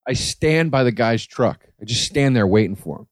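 A man hosting a podcast, telling a story in a casual, animated and heavily profane way. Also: mid-range voice, normal speed, no room sound, clean studio sound. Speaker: podcast host.

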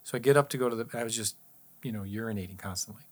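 A man's voice: mid-range voice, very fast. A middle-aged man earnestly telling a faith testimony in casual conversation, acting out his own pleas. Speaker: guest sharing testimony.

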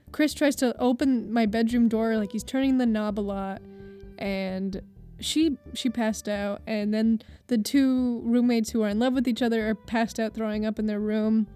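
Young woman, higher voice, lively storyteller, light music under the voice. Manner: animated, acts out quoted voices, laughs through the telling. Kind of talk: casual personal storytelling.

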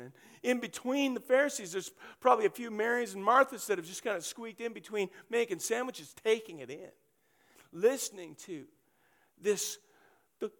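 A man with a bright, high voice preaches a sermon. He tells the story casually and jokes as he goes, slipping into little character voices for a line or two. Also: gravelly. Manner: humorous storytelling, acting out characters in quick asides. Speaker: pastor.

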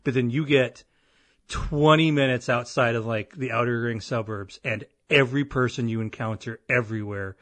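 A man's voice: mid-range voice, fairly even intonation, moderate pace, fairly bright tone, no echo. A man hosting a podcast in casual chat, telling stories in a rambling, self-deprecating way. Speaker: podcast host.

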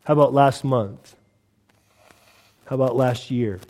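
American pastor preaching in a reverberant hall. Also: male voice, medium pitch, unhurried, a little mellow. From United States. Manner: conversational, repeats words, rhetorical questions. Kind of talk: sermon.

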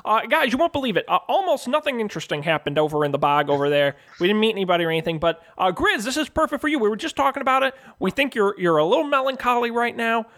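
A man's voice: sits high, big pitch swings, quick pace, few pauses, fairly bright tone. A man playing his character in a tabletop game, pushy, persuasive and playful. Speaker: player. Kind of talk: in-character tabletop role-play.

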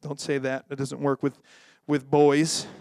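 A man preaching a sermon in a lively, joking way, often acting out quoted voices. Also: mid-range voice, unhurried, clean tone, dry recording, clean studio sound. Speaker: pastor.

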